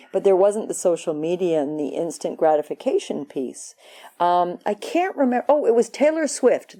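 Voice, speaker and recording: Woman teaching a dharma talk, low warm voice, casual and playful. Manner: conversational, playful, acts out quoted voices. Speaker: meditation teacher. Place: retreat hall.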